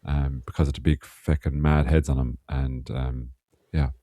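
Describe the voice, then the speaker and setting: A man's voice: extremely low pitch, little pitch movement, moderate pace, mellow, no room sound, clean studio sound. An Irish man co-hosting a podcast, rambling through stories in casual chat, swearing and laughing often. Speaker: podcast co-host.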